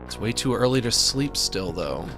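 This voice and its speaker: A man's voice: on the low side, animated, normal speed, music in the background. A young man giving casual, joking commentary while streaming a video game, rambling and looping silly bits. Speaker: let's-play streamer.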